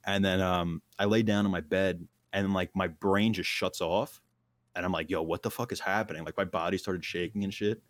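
Young man, low voice, dry close sound, casual storytelling, slangy, filler-heavy, laughs at himself. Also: steady tone, normal speed, no echo.

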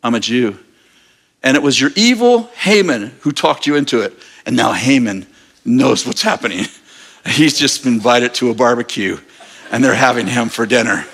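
Dude preaching, tells the story super animated, does all the voices. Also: male voice, medium pitch. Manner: animated storyteller, acting out characters. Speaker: pastor. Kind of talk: sermon.

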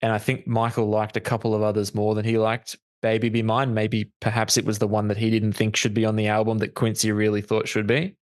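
A man guesting on a podcast, explaining things in a measured, thoughtful way. His voice sits on the low side. The recording is dry with no room sound. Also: monotone, dry recording. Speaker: podcast guest, music author. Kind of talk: casual podcast chat.

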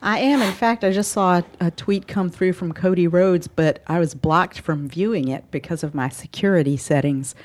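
A woman co-hosting a casual wrestling podcast, making dry, soft-spoken asides. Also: on the low side, normal speed, few pauses. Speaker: podcast co-host.

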